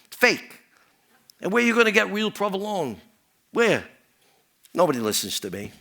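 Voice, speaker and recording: A man plays a paranoid, rambling stand-up character who leaps from one wild idea to the next and tosses off deadpan puns. His voice sits high, bright and sharp, and it swoops up and down before dropping to a mutter at the end of each rant. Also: normal speed, vocal fry, exaggerated voice. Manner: rambling, jumps between topics, deadpan puns. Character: rambling, paranoid married man chatting up a worker.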